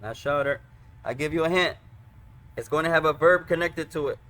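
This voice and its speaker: A man teaching an online class, patient and slow, pausing often and correcting students. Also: fairly high pitch, a bit bright. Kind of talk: online Arabic and hadith class. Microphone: computer microphone.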